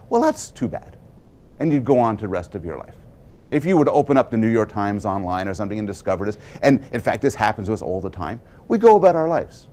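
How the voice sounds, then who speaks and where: A man gives a prepared public talk with a lively, widely swinging pitch. He tells stories with dramatic pauses and builds each point toward a conclusion. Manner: animated storytelling with dramatic pauses. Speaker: public speaker.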